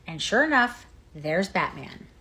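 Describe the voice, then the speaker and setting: A woman's voice: fairly low pitch, big pitch swings, measured pace, sharp tone. A woman telling a childhood ghost story in a plain, matter-of-fact way. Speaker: caller sharing a ghost story. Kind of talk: casual storytelling.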